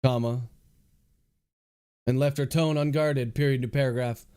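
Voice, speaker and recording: Man, author, dictation, spoken punctuation, mellow, mid pitch. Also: fairly even intonation, a little slow, clear, resonant tone. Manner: reads out punctuation marks word by word. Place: livestream.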